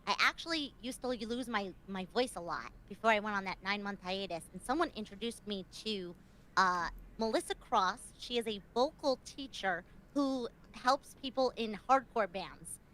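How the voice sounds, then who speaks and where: A woman streamer chatting on a convention panel, excitable and prone to gasps and squeals. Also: mid-range voice, normal speed, rough recording. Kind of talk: casual panel chat.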